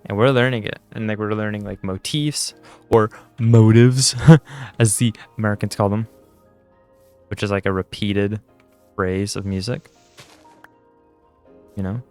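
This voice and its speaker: A man's voice: lowish voice, fairly even intonation, unhurried, long pauses, darkish tone, faint music behind. A tired young man chatting casually while playing a game, rambling and self-deprecating. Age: young adult. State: tired, yawning. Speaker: gaming channel host. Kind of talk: casual gameplay commentary.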